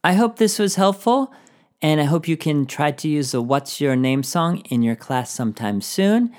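A man's voice: a little high, expressive, moderate pace. A man hosting a teaching podcast, giving encouraging classroom tips and often singing short phrases.

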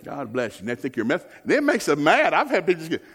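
A man preaching a lively, joking sermon as a guest speaker, with a husky voice. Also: a little high, fast.

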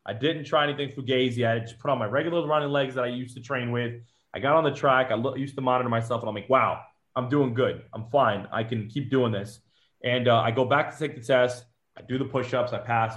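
A man in his thirties, a police officer, telling a personal story with lots of quoted dialogue. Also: mid-range voice. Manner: animated retelling with quoted dialogue.

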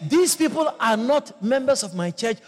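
Animated high-voiced male pastor, hall reverb. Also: normal speed. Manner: animated, swinging from loud exclamations to low murmurs. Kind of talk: sermon with personal storytelling.

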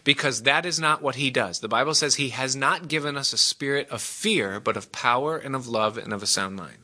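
A man's voice: medium pitch, bright, forceful tone. A man preaching a sermon as pastor, emphatic and asking his congregation direct questions.

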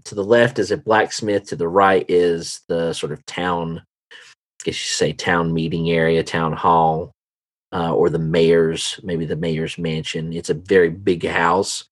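A man's voice: deep voice, fairly even intonation, measured pace. A man narrating a tabletop game as game master, with many ums and hesitations. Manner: hesitant, full of ums and uhs.

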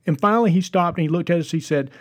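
A man's voice: fairly high pitch, rapid-fire. A man, hosting a devotional podcast and telling a story in an earnest, encouraging way. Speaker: podcast host.

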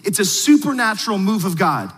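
A man's voice: high-pitched, very animated, a little fast, a bit bright, big-room sound. A man preaching as pastor in confident teaching mode, speaking both to the room and to people watching online. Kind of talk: sermon.

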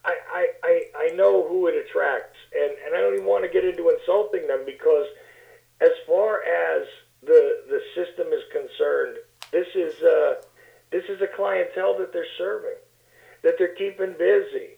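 A man's voice: a little high, steady tone, normal speed, gravelly. A man speaking as a guest in casual political talk, wry and sardonic, often repeating words as he thinks, heard over a phone call. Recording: tinny phone line with echo.

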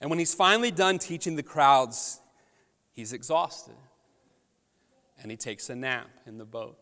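Pastor preaching in a reverberant hall. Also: male voice, medium pitch, expressive, unhurried, pushed and bright. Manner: storytelling, conversational with rising emphatic peaks. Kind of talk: sermon. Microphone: handheld or headset microphone.

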